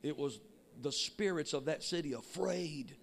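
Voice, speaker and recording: A man preaching a sermon with emphatic shouting that drops to quiet asides. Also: a little high, measured pace, vocal fry, slight background noise. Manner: shouting, emphatic, swinging between loud and quiet. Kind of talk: Pentecostal sermon.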